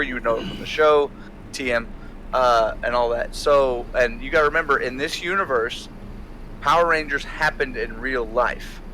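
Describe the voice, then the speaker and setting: A man's voice: medium pitch, bright, forceful tone, slight background noise. A man narrating a tabletop role-playing game as game master, playful and often laughing.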